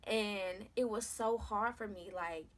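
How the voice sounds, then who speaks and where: A woman's voice: mid-range voice, slow. A young woman, telling her own story to camera in a candid, emphatic, conversational way. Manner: emphatic, conversational, slangy, repeats phrases for stress. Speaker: vlogger, mother sharing her birth story.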